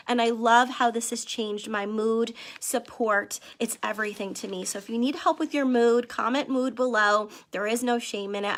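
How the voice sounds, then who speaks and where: A woman vlogger giving an earnest live-stream sales pitch, talking straight to her viewers and reading out their comments. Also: fairly bright tone. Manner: earnest, addresses viewers as "you guys", reads out comments. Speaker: wellness vlogger selling supplements.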